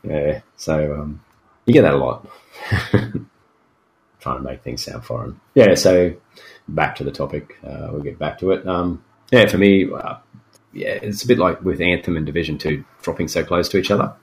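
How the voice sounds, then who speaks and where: An Australian man with an exceptionally low, deep voice talks casually about video games. He rambles loosely, trailing off and restarting with lots of "um" and "like." It sounds like relaxed podcast banter among friends. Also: normal speed, creaky. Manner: rambling, loose, frequent fillers. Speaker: podcast co-host. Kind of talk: casual gaming chat.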